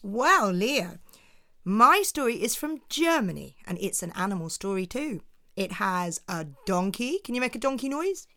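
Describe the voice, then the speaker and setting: A woman's voice: mid-range voice, sing-song, moderate pace, fairly bright tone. A woman co-hosting a children's podcast, talking in an encouraging, praising way.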